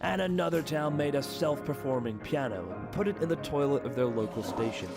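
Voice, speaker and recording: A man's voice: fairly high pitch, animated, brisk, creaky. A man giving a scripted, sardonic voice-over narration and swearing now and then. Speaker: vlogger narrating. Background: background music.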